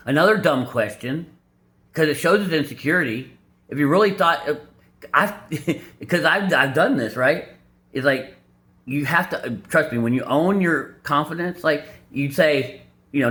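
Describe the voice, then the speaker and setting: A man giving blunt, crude dating advice over clips, mocking the people in them with squeaky put-on voices. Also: lively intonation, moderate pace, fairly bright tone. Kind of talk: casual reaction commentary.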